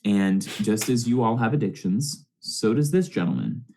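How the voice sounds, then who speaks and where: Laid-back male game master, lower voice, faint noise behind. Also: animated, moderate pace, creaky, a little mellow. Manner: laid-back, many fillers and restarts, slips into character voices. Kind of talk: narrating a tabletop game.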